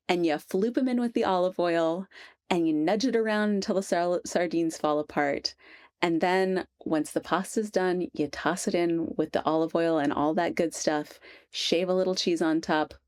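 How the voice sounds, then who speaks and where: A woman's voice: on the low side, darkish tone. A woman hosting a podcast, talking in a breezy, playful way with her guests. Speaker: podcast host. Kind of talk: casual chat.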